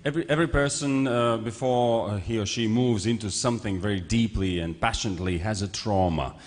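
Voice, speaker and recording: A man's voice: fairly low pitch, a little fast. A man moderating an audience Q&A, playful and joking with the guest. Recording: reverberant event hall.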